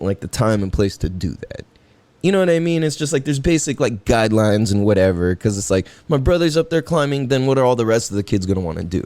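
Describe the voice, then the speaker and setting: Animated, swearing podcast host. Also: male voice, medium pitch, no echo. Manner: rambling, profane, laughs at his own tangents. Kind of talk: casual solo podcast monologue.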